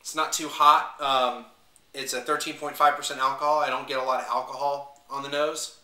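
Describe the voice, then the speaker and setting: Casual vlogger man, bright tone, rambling with fillers, recorded from a distance in a roomy space. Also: mid-range voice, flat delivery, brisk. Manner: rambling, many fillers, unsure of pronunciations. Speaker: wine reviewer. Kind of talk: casual video review. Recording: echoey room, voice away from mic.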